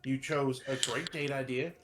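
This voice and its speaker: A man's voice: mid-range voice, steady tone, moderate pace, music in the background, natural voice. A man voicing a harried, overworked woman magistrate who snaps at her staff and talks in a flustered rush. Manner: frazzled, snapping at assistants, flustered. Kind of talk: tabletop role-play voicing.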